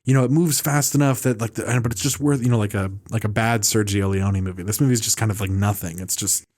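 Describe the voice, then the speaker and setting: A man's voice: lowish voice, steady tone, quick pace, darkish tone. A man hosting a casual film podcast, rambling through reviews with restarts, fillers and mocking asides. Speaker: podcast host.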